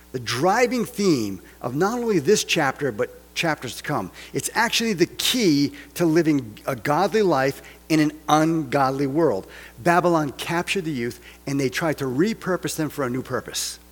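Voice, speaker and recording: A man with a husky voice preaches a casual sermon, tossing out rhetorical questions and wry joking asides. His voice carries through the long, lingering reverb of a large church hall. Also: fairly high pitch, lively intonation, normal speed. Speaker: pastor.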